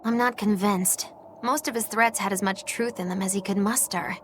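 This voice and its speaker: A woman's voice: mid-range voice, fairly even intonation, normal speed, slight background noise, close to an everyday voice. An actress voicing a mischievous young woman mage in a video game, speaking in a playful, teasing, theatrical way. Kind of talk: game voice acting.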